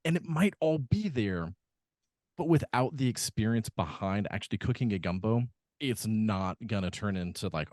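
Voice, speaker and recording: A man's voice: lowish voice, big pitch swings, normal speed, a little mellow, no room sound, clean studio sound. Rambling male podcast co-host. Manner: rambling, many fillers and restarts. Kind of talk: casual film discussion.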